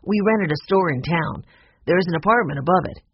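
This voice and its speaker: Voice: mid-range voice, animated, fairly quick, lo-fi sound, slight background noise, close to an everyday voice. A narrator reading an easygoing young balloonist man.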